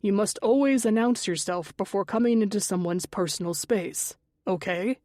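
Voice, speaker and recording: A woman voicing a calm, measured father figure who lectures patiently and stays gently firm, in an audiobook. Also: medium pitch, no echo, studio quality, lightly acted. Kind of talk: audiobook character voice.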